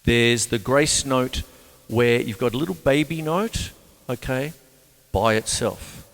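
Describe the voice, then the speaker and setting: A man's voice: medium pitch, takes it slowly, fairly bright tone. An older man teaching drums in a casual, rambling, jokey way, talking between demonstrations. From Australia. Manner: rambling, jokey, talks between drum demos. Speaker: drum teacher. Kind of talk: casual drum lesson. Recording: reverberant room with drum kit.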